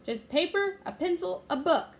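A woman's voice: very high voice, animated, moderate pace, gravelly, voice pushed up, heavily acted. A woman voicing a careful, studious young boy in a storybook read-aloud, earnest in tone.

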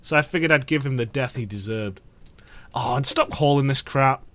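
A man's voice: mid-range voice, moderate pace, a bit bright, slight background noise. A young man casually commentating his gameplay, exasperated and ranting, swearing at the game. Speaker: let's play gamer.

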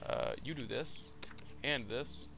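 Gravelly-voiced man joking through gameplay. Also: medium pitch, huge pitch swings, takes it slowly. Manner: joking, profane asides. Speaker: gameplay commentator. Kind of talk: casual gameplay commentary.

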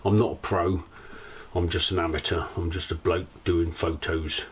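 Middle-aged guy rambling about canal life, lowish voice, bit of hiss behind him. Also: fairly even intonation, normal speed. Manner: chatty, rambling, acts out quoted voices. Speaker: narrowboat vlogger. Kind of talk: casual storytelling monologue.

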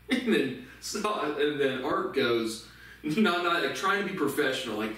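A man's voice: on the high side, animated, a little slow, a bit bright. Sarcastic swearing man in echoey room. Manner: profane, sarcastic, chuckling. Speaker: vlogger. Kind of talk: casual rambling monologue. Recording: very echoey room, distant mic.

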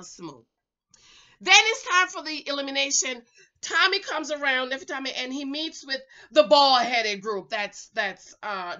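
Sassy middle aged lady recapping reality tv, sharp bright voice, yells a lot, kinda muffled recording. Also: high-pitched. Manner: animated and sassy, breaks into loud exclamations. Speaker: reality show recap host.

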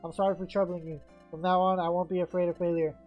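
A woman's voice: lowish voice, little pitch movement, fast talker, muffled recording, faint music behind, natural voice. Meek young beaver boy, apologetic, folksy, game character, read by a woman. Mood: humble. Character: timid young male beaver creature, eager to please. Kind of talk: reading game dialogue aloud.

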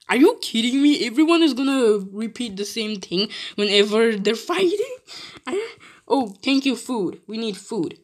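A woman giving casual gameplay commentary, giggly and excitable, laughing often and chattering with exclamations. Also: on the high side, moderate pace. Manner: chatty, with frequent restarts and exclamations. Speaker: gaming video creator.

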